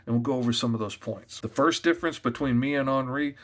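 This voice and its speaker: A comic artist, a man, giving sales tips in a loud, energetic, chatty way. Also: mid-range voice, fast talker. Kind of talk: casual tips talk to camera.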